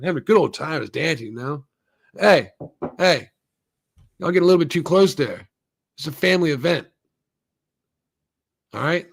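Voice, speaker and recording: A man with a slightly high voice and vocal fry hosts his own show, giving a casual solo recap and review of a TV episode. He's loose, rambling and profane, often acting out the characters' lines.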